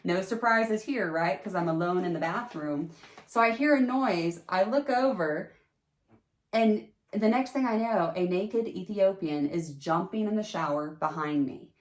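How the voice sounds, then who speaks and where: A woman hosting a podcast tells a personal story in a casual, animated way, jumping into a high pitch whenever she acts out quotes. Her pace is measured, and the recording sounds reverberant.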